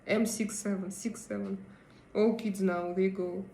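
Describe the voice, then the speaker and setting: A woman hosting a live stream and chatting with viewers, hesitant and pausing often as she searches for her English words. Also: mid-range voice, fairly even intonation, creaky, dark tone, reverberant, a little hiss or hum, poor audio. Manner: hesitant, many pauses and fillers while searching for English words. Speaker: livestream host. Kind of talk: casual live chat, answering viewer comments.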